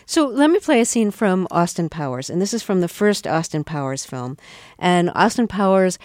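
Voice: mid-range voice, big pitch swings, normal speed, darkish tone, no room sound, studio quality. An interview host asking curious questions and laughing easily.

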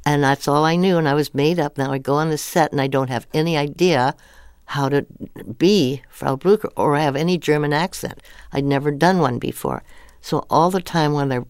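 An older actress telling rambling, animated anecdotes in a casual interview, laughing often. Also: female voice, low-pitched, moderate pace, clear, resonant tone, dry recording, clean studio sound. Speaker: guest actress.

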